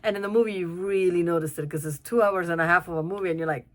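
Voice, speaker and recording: A young woman giving a chatty, casual film review, full of fillers and restarts and quick to laugh. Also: fairly low pitch.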